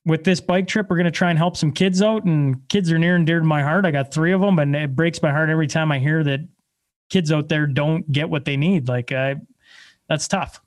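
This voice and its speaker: A man in his thirties from Canada, a podcast guest telling stories in a blunt, energetic, self-deprecating way. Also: on the high side, fairly quick. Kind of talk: casual conversation.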